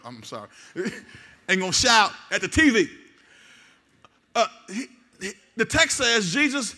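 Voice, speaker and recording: Male pastor, high bright voice, call-and-response sermon delivery. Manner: call-and-response preaching, rising to shouts.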